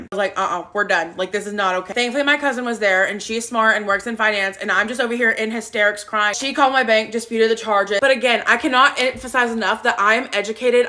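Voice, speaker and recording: A woman telling a storytime vlog, animated and exasperated. Her voice is bright and a touch high. She acts out her own side of the conversation as she goes.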